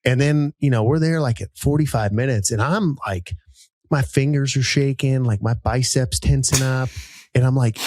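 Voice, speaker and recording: A podcast co-host in his thirties tells a rambling, animated story at a moderate pace in casual storytelling chat. He uses plenty of fillers and jumps into high voices when quoting people.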